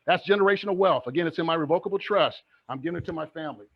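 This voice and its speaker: A middle-aged man teaching to camera as a coach, energetic and rallying, firing questions at his audience. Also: fairly high pitch, racing, gravelly. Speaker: real estate coach. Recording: dull lo-fi recording.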